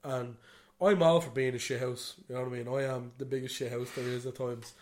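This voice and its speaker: Here a podcast co-host from Ireland meanders through a story over easygoing conversation, cursing liberally and tossing in "you know what I mean." He speaks fairly quickly in a steady, mid-range voice with a darkish tone.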